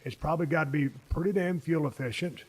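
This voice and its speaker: A man's voice: on the high side, fast, darkish tone. A man in his fifties hosting a casual podcast chat, telling long stories full of profanity. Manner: profane, rambling storyteller. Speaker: podcast host.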